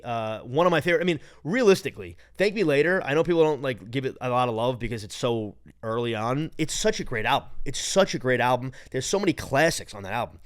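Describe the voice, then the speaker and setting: A man's voice: medium pitch, no echo. New york dude in his late 20s, swearing a lot, rambling solo podcast, dry close sound. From New York, Long Island. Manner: profane, rambling, excitable. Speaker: podcast host. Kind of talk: casual solo podcast rant.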